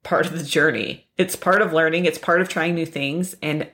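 Earnest woman podcaster, lowish voice. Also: steady tone, normal speed, a bit bright. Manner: earnest, repetitive rhetorical questions. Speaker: podcast host. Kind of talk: self-help podcast monologue.

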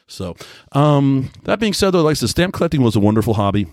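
A man in his forties talks alone into the mic for his podcast, wandering through memories at an easy mid pitch. He trips over his own words, stacks up fillers and pokes fun at himself. The sound is close and dry, with no room around him. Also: very animated, fast talker, a little mellow, no echo. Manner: rambling, self-deprecating storytelling with frequent restarts and fillers. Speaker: podcast host. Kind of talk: casual solo podcast monologue.

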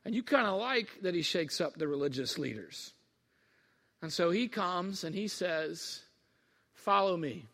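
A male pastor preaching in a casual, storytelling way, drawing the listeners straight into the story. His voice sits high for a man. A long reverb trails each phrase, like a big hall. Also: sing-song, a little slow, fairly bright tone. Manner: conversational storytelling, speaks to listeners as "you". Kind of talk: sermon.

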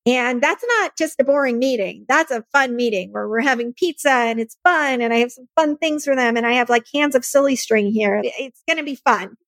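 A bubbly woman in her thirties talks earnestly and with feeling as a podcast guest. Her voice sits on the high side. The sound is dry and close. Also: fairly quick, hardly any pauses, a bit bright, dry recording. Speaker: nonprofit founder, podcast guest. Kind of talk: casual interview chat.

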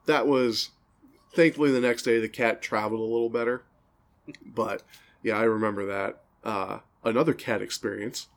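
A man's voice: on the low side, creaky. A man co-hosting a podcast, telling long, rambling stories and laughing at them in casual chat. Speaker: podcast co-host.

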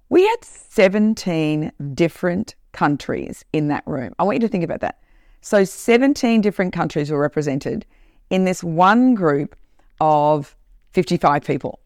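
A woman who is a corporate trainer and podcast host, telling a story in an animated, emphatic way in a casual monologue. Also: fairly low pitch, dry recording, clean studio sound.

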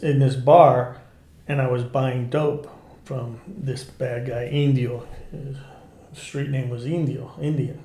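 A man's voice: medium pitch, echoey room. A man who was an undercover cop, telling his stories in a casual, profane way and acting out what people said. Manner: animated, profane, acts out quotes. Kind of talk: casual storytelling interview.

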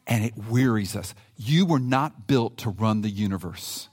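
Animated man preaching a sermon. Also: measured pace, husky. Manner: animated, conversational preaching with swings in pitch; reads scripture with emphasis. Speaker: pastor.

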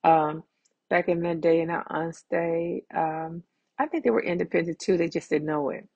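Husky, gravelly woman podcaster. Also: lowish voice, steady tone, moderate pace, darkish tone, muffled recording. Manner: chatty, addresses listeners as y'all. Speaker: podcast host. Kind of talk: casual solo podcast chat.

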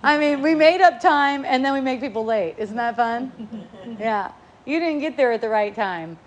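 A woman's voice: sits high, expressive, normal speed. A middle-aged woman giving a casual spiritual talk, playful and laughing often as she acts out what people say to her.

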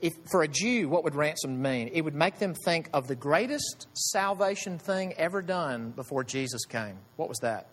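A pastor preaches in a conversational way, firing off rhetorical questions to his congregation. His pitch rises and falls with a lot of life, sitting a little high for a man. The sound carries a long reverb from the church hall. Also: lively intonation, moderate pace, few pauses. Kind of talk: sermon.

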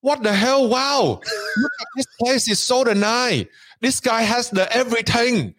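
A man's voice: extremely high pitch, unhurried, fairly bright tone, pitched above the performer's own voice, full character voice. A man voicing an amazed man at a lavish party who speaks broken, put-on English. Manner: gushing, amazed.

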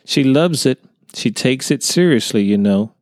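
A man's voice: mid-range voice, lively intonation, unhurried, darkish tone, no room sound, studio quality, voice pushed up, lightly acted. A man voicing an earnest young contractor who tells his story hesitantly in a storybook reading. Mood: polite. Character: earnest younger male contractor, unsettled by a sighting.

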